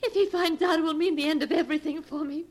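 An actress playing a frightened wife who pleads tensely in a 1940s radio drama. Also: female voice, high voice, fairly even intonation, fast talker, heavy background noise, lightly acted. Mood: desperate. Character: frightened wife hiding a secret.

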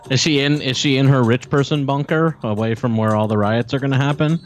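A man's voice: medium pitch, steady tone, fairly quick, faint music behind. A man bantering as co-host in a joking, mock-indignant way. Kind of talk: casual banter.

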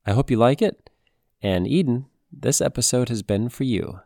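A man's voice: medium pitch, moderate pace, darkish tone, no room sound. A man hosting a playful animal-facts podcast for kids, chatty and goofy, full of puns and silly asides. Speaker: podcast host.

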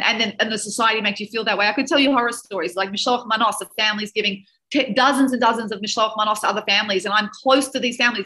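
A woman who works as a dating coach and speaker, telling a personal story with animated emotion and mixing in Hebrew and Yiddish words. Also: mid-range voice, low-quality recording. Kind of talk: personal storytelling in a podcast interview.

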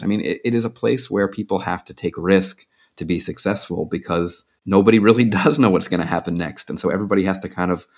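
A man being interviewed as a journalist and author, telling anecdotes in a loose conversational way with frequent fillers. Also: low voice.

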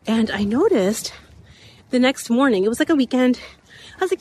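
A woman in her thirties hosting a motivational talk while walking uphill outdoors, a bit out of breath, her voice slightly raspy, repeating key points and laughing often. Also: on the high side, expressive, normal speed, pauses often, a little mellow. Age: 30s. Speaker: podcast host.

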